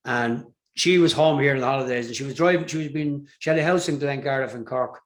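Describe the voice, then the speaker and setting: A man's voice: medium pitch, fast. An older man with an Irish accent, a singer telling rambling stories with fillers and restarts in an interview. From Ireland. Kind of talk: casual storytelling interview.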